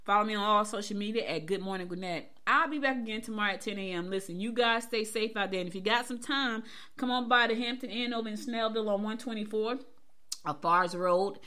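A woman's voice: mid-range voice, a little fast, bright, forceful tone. Woman, podcast host, chatty, laughs often, talks straight to listeners. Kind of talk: casual morning show talk.

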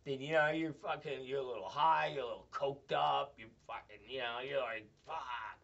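A man's voice: mid-range voice, steady tone, a little fast, gravelly, fairly bright tone. A man hosting a show, telling crude, profane, rambling comedic stories. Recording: dull, slightly distant mic.

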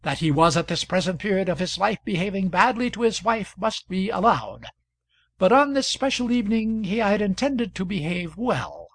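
A male audiobook reader narrating a classic novel in a measured, even delivery. His voice is high for a man and husky. The recording is dry and close, with no room sound. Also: dry recording.

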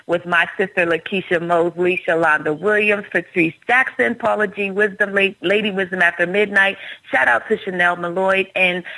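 Female radio host, emphatic preaching tone, bright and dry. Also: on the low side, no room sound, rough recording. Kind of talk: inspirational radio talk with scripture reading.

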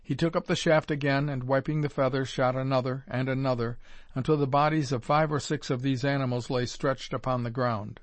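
Brief: male narrator, mid pitch, measured and formal, dry close recording. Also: fairly even intonation, no room sound. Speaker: audiobook narrator. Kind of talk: first-person audiobook narration.

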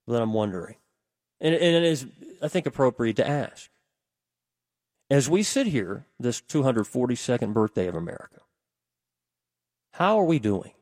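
A man's voice: mid-range voice, a little mellow, no echo, clean studio sound. A man filling in as a radio talk host, rambling conversationally and tossing questions out to listeners on a call-in show. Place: radio studio.

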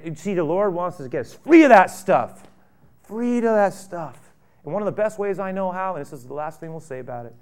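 A male pastor preaching a sermon with passion, repeating phrases and asking rhetorical questions, swinging from loud bursts to hushed asides. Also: on the high side. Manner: impassioned, repetitive, with rhetorical questions.

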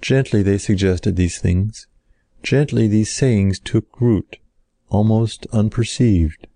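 Deep gravelly male storyteller. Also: mellow, dry recording, studio quality. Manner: slow, solemn, old-fashioned storytelling. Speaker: narrator. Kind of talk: scripted storybook narration.

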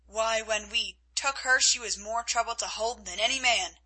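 A woman reading the part of a brutal, gruff male henchman in an audiobook, with a snarling, resentful delivery. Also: a little high, normal speed, bright, forceful tone, poor audio.

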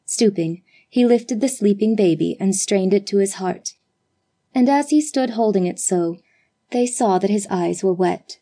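A woman narrating a classic story aloud in a measured, expressive reading style. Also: medium pitch. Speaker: audiobook narrator.

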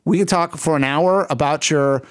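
A man co-hosting a podcast in a casual, energetic, rambling and playful way. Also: on the high side, normal speed. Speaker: podcast co-host. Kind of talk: casual chat.

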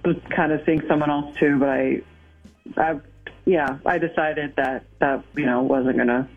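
A woman on a phone call, answering haltingly with many pauses and nervous laughs. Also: deep voice, fairly even intonation, husky, soft background music. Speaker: radio contest call recipient. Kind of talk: phone conversation. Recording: tinny phone line.

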